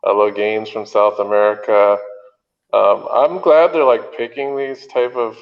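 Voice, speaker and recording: Male co-host, low pitch, relaxed and halting; long reverb, dull audio. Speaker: podcast co-host. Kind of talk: casual chat.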